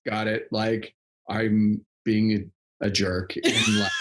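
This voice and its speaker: A man's voice: lowish voice, level tone, slow pace. A young man chatting casually as a podcast guest, rambling with lots of fillers and frequent laughs. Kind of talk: casual conversation.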